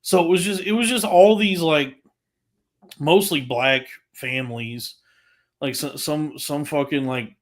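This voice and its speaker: A man's voice: on the high side, measured pace. A man talking casually on a podcast, telling a rant in a crude, profanity-heavy way with lots of restarts. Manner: animated, frequent restarts.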